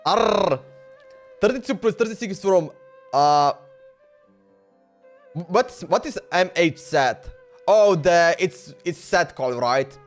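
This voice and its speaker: A talkative male streamer on a live stream, chatting loosely with his viewers in broken English. His voice is high for a man, and he laughs often. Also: expressive, takes it slowly, pauses often, soft background music. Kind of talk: casual live-stream chat.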